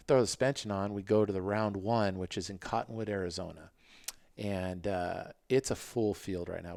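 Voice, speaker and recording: A man in his fifties, a podcast guest, telling racing stories in a casual, animated way and acting out what people said. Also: gravelly, dry recording, studio quality. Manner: animated, acts out quotes in a higher voice. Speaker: podcast guest, former motocross racer. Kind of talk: casual interview storytelling.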